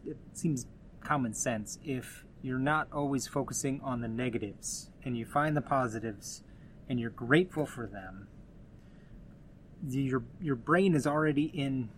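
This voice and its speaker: A man talks through his solo podcast in a loose, conversational way. He rambles, restarts his sentences and drops in asides as he goes, at a middle pitch for a man. A faint hum sits under his voice. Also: fairly bright tone. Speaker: podcast host. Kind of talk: casual solo podcast talk.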